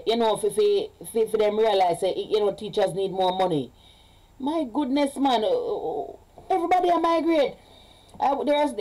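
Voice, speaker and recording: Jamaican lady vlogging, loose rambly chat, lots of repeats, patois mixed in, warm low tone. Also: poor audio. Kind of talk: casual opinion vlog.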